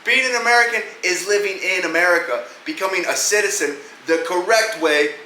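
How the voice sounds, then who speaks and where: Talking a little fast in a high, sharp voice, a man hosting a podcast gives casual, swear-filled, rambling picks on fights ahead. A little hiss or hum comes through, and the room is echoey with faint ambience.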